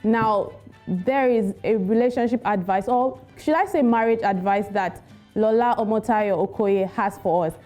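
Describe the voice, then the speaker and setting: A woman presenting the trends segment on a breakfast news show, lively and teasing. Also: medium pitch, normal speed, faint music behind. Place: TV studio.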